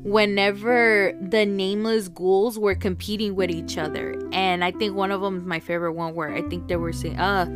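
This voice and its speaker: A woman talks her way through a casual solo podcast, rambling, laughing often and filling gaps with ums and likes. Her pitch sits in an ordinary middle range, and clear guitar music plays underneath her voice. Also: steady tone, normal speed, hardly any pauses. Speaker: podcast host.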